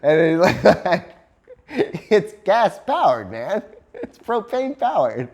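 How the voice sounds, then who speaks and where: A man's voice: sits high, huge pitch swings, takes it slowly, gravelly, darkish tone. A man telling a casual story for a vlog, laughing often, swearing freely and acting out other people's voices. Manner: laughing often, loose and profane, acts out voices. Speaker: vlogger. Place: living in Cambodia.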